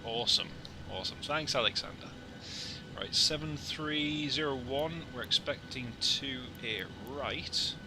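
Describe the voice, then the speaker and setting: A man chats casually and jokily with his live-stream viewers, wandering off on tangents between radio calls. His voice sits in a middle pitch over a clear, steady background hum. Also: measured pace. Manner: chatty, jokey, rambling asides to viewers. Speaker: flight sim streamer.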